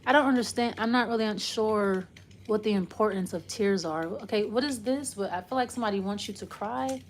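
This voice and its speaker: A woman's voice: mid-range voice, brisk, slight background noise. A woman giving a casual, loose tarot reading, rambling and trailing off as she talks it through. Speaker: tarot reader.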